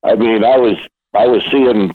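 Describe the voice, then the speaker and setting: A man's voice: lowish voice, moderate pace, a little hiss or hum. An older man, a guest actor, telling rambling anecdotes in a casual interview, with restarts and chuckles. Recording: dry thin phone-like line.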